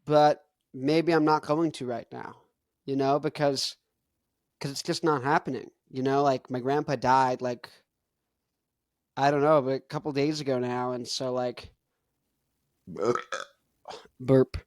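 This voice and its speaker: A man's voice: medium pitch, fairly even intonation, unhurried, long pauses, a little mellow, no room sound, studio quality. A young man hosting a casual podcast, rambling in laid-back slang and chuckling between thoughts. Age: young adult. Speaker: podcast host. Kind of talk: casual chat.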